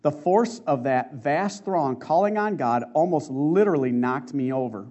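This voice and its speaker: A man preaching a sermon, reading a testimony aloud in an earnest, emotive way with slow dramatic stresses. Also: on the high side, lively intonation, warm tone. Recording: muffled lo-fi recording.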